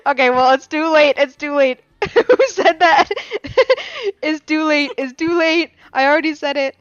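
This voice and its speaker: A woman's voice: high voice, very animated, measured pace, no room sound, highs cut off. A woman of twenty hosting a live art podcast, chatting casually, playful and dramatic, laughing often. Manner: playful, dramatic, laughs a lot, mock-outraged bursts. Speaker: podcast host. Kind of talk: casual live-stream chat.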